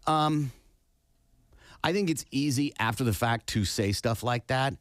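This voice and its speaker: A man co-hosting a casual podcast, telling a story at a steady, conversational pace and adding wry asides as he goes. His voice sits at a medium pitch. The recording is dry, with no room echo. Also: unhurried. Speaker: podcast co-host. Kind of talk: casual chat.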